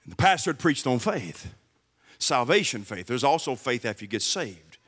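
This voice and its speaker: A man's voice: medium pitch, sing-song, moderate pace, a bit bright, slightly rough, big-room sound. A middle-aged man preaching a sermon, emphatic and repeating key words to the congregation. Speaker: guest pastor. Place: church sanctuary.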